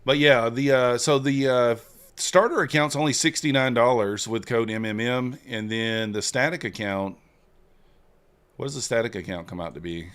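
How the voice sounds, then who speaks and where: A man hosting a casual trading livestream, chatting with viewers and reading their messages in a relaxed way. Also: mid-range voice, moderate pace, smooth.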